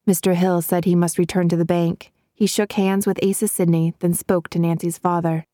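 A woman narrating a story aloud in a measured, clear style. Her voice sits on the low side and is recorded close and dry, with no room sound. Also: little pitch movement, mellow, no echo. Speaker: audiobook narrator. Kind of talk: scripted narration.

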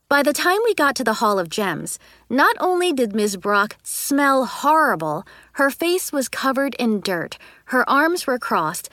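A woman reading a first-person children's story aloud, expressive and playful. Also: high-pitched, no echo, clean studio sound. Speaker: narrator.

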